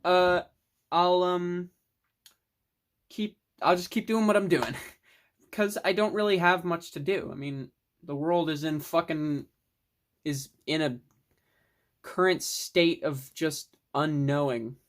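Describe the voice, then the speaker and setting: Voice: medium pitch, slow, pauses often. Rambling casual film vlogger. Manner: rambling, restarting often, casual swearing. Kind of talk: casual video review.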